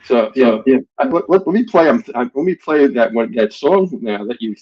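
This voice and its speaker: A man's voice: mid-range voice, expressive, normal speed, slightly rough. A man hosting a radio interview, chiming in with short affirmations and setting up songs. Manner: brief affirmations, easygoing. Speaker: radio show host. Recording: dull lo-fi sound.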